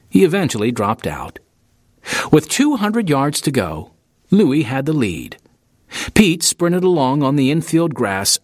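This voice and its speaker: A man reading an audiobook in steady, scripted narration into a close studio mic. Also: medium pitch, no echo. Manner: steady storytelling, lively intonation.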